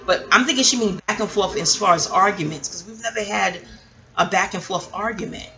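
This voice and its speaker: A woman's voice: medium pitch, fairly quick, sharp tone, rough recording. A woman vlogging a rambling personal monologue, chatty and digressive, often stopping to fire off pointed rhetorical questions. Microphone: audio-only home recording.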